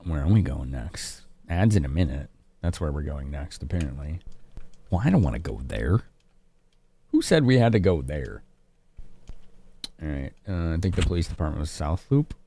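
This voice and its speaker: Deep-voiced casual game streamer. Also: male voice, very animated, moderate pace, long pauses, mellow, slightly rough. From Chicago, US. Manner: casual, chatty, laughing with chat. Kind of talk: live-stream game commentary.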